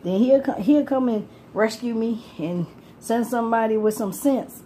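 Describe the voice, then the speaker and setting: A woman with a mellow, dark tone tells her story in a loose, rambling way. She laughs often, swears freely and keeps circling back on herself. A faint hum of background noise sits behind her voice. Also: on the high side, moderate pace. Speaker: homeless person telling her story. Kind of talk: casual rambling street talk.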